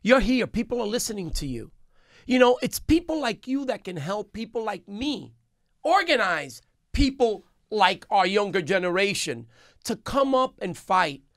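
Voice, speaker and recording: A business owner with a high-pitched voice and big pitch swings gives an impassioned radio interview into a studio mic, speaking at normal speed. He's emphatic and grows heated and forceful; the recording is dry.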